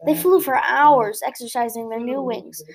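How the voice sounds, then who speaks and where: A woman with a high, light voice reads a children's picture book aloud. Her telling is gentle and expressive, with the odd small slip. A crowd can be heard clearly in the background. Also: moderate pace, rough recording. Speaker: storybook reader.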